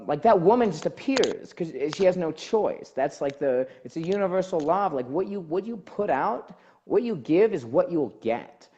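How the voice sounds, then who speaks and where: Animated rambling man on a podcast. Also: a little high. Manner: animated, rambling, frequent fillers and restarts. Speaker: host and life coach. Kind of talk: casual podcast conversation. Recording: dull lo-fi audio.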